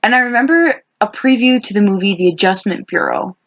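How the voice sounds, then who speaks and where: A woman's voice: mid-range voice, expressive, a little fast, fairly bright tone. Rambling young woman podcast co-host. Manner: rambling, filler-heavy storytelling. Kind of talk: casual chat between best friends. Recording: dull lo-fi podcast recording.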